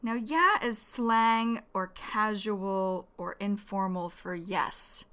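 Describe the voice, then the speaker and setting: A woman teaching English vocabulary slowly and clearly, repeating each new word. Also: mid-range voice, a bit bright. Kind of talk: slow vocabulary lesson.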